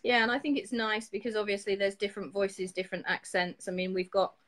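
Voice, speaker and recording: A woman co-hosts a live poetry show in relaxed conversation. Her voice sits at a middling pitch. She talks casually, padding her thoughts with fillers and a teasing edge. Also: fast, poor audio. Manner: easygoing, teasing, hedges with "you know" and "really". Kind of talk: casual live-stream chat.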